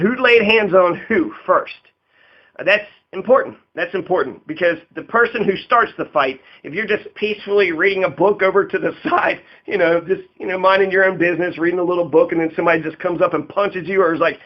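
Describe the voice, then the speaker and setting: A man's voice: high voice, brisk. A man giving casual political commentary, rambling and profane, laughing often and acting out quotes in a raised voice. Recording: dull lo-fi audio.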